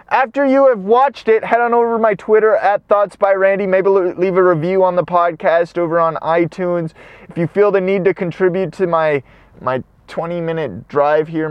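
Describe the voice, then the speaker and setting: A man's voice: high voice, clear, resonant tone, no echo, muffled recording. A man hosting a podcast, recapping a film in a rambling, profane monologue while he drives. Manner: rambling, profane, acts out lines. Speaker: podcast host. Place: car while driving.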